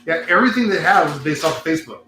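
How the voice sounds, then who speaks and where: Casual host, man, a bit high-pitched, loose and profane, recorded in a roomy lounge. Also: lively intonation, very fast, sharp tone, a little hiss or hum. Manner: laid-back, swearing, laughing, rambling. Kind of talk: casual livestream chat. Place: cigar lounge.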